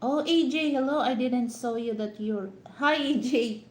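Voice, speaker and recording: Filipino woman, vlogger, slow unhurried talk, advice full of you-knows, echoey room. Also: on the high side. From Philippines. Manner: advising, heavy "you know" fillers. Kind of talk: casual live-stream talk to viewers.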